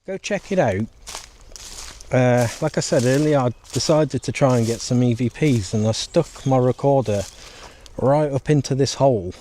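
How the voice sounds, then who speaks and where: A man's voice: medium pitch, normal speed. Jumpy man vlogging alone in the woods. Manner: hushed, jumpy, rambling. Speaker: paranormal investigator vlogger. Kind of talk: casual vlog commentary. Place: woods outdoors. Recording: faint outdoor noise.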